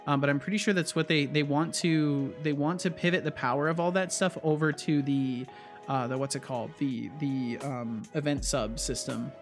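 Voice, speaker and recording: A man's voice: a little high, steady tone, moderate pace, soft background music. A man streaming as a game developer, chatting casually and thinking aloud with frequent restarts, easily startled. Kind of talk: casual live-coding chat.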